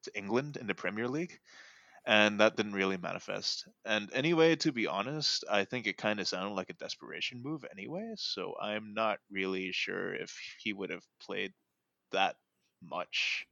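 A man's voice: fairly low pitch, normal speed, gravelly, pushed and bright, dry recording, muffled recording. A man hosting a casual sports podcast, rambling and thinking aloud with lots of fillers. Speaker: podcast host.

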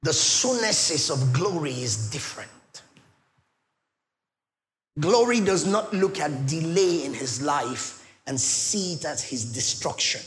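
A middle-aged Nigerian pastor preaching with a slightly high voice. He moves from loud, emphatic declarations to soft, coaxing asides and questions to the congregation. A faint hiss sits under the recording. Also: animated, slow. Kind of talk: sermon.

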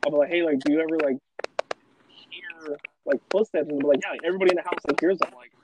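A man talking casually, his voice sitting slightly high. He tells a long story and wanders through it with many fillers and restarts. Steady background noise runs under the recording. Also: quick pace. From Los Angeles. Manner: rambling, filler-heavy storytelling. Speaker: podcast host. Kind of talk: casual chat.

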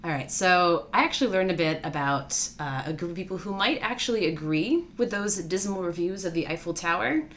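A woman's voice: lowish voice, lively intonation, brisk, hardly any pauses, fairly bright tone. A woman co-hosting a casual chat, presenting a researched topic in a wry, playful way and laughing often. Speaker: podcast co-host.

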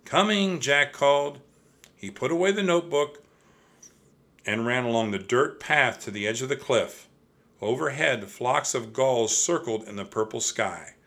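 A man narrating a children's storybook in an expressive, steady reading style. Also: mid-range voice, moderate pace. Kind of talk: audiobook storytelling.

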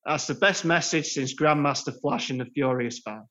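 A man's voice: on the high side, moderate pace, fairly bright tone. A man co-hosting a football podcast, bantering with a sarcastic edge. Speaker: podcast co-host. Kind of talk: casual football podcast chat. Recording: dull lo-fi sound.

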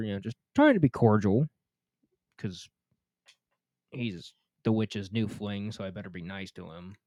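A man's voice: on the low side, moderate pace, long pauses, warm tone, no echo. A man co-hosting a podcast, telling crude stories in a casual chat, swearing freely and laughing as he goes. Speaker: podcast co-host.

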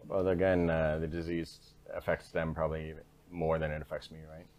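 A man with a very deep voice speaks frankly as an interview guest. His delivery stays level and even, with little rise or fall. He tells his story conversationally and ends many of his sentences with a quick "right?". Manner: frank, repeats "right?" tags.

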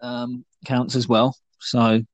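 A man's voice: medium pitch, flat delivery, takes it slowly, no echo. A man co-hosting a podcast in casual chat, talking in a rambling, playful way with many fillers. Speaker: podcast co-host.

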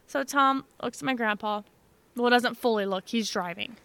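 A woman's voice: on the high side, normal speed, bright, forceful tone, smooth, no echo. A young woman co-hosting a podcast, telling a story in a chatty, sarcastic way. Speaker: podcast co-host. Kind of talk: casual chat.

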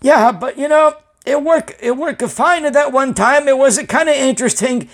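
A man's voice: very high-pitched, normal speed, voice pushed up. A man doing a rambling broken-English shop owner. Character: anxious, rambling immigrant male business owner.

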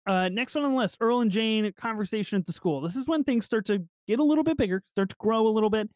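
A man's voice: high-pitched, fast, a little mellow, dry recording, clean studio sound. A man co-hosting a film podcast, chatting casually and animatedly, swearing and laughing often. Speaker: podcast co-host. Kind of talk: casual film review chat.

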